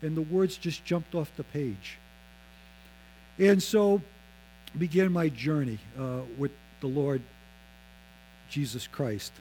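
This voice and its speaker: A man in his fifties telling a personal faith testimony, acting out the voices of others and dropping low and slow on solemn lines. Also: warm tone, low-quality recording. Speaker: speaker giving his testimony.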